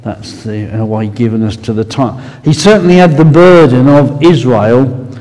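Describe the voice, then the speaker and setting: A man with an Essex accent preaching a sermon in a church hall, unhurried and conversational with asides. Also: mid-range voice, animated, a little mellow. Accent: Essex English. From Essex, England. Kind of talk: sermon with prayer. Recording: long reverb in a large hall.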